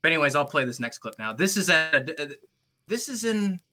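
A man's voice: a little high, very animated, fairly quick, noisy background. A man, a paranormal investigator, telling stories in casual chat, swearing freely and saying "dude" a lot. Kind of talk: casual storytelling.

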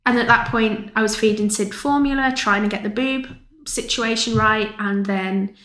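A woman's voice: mid-range voice, moderate pace. A woman, a podcast guest telling a story in casual chat and acting out what other people said. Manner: animated storytelling, acts out other people's lines. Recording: roomy echo.

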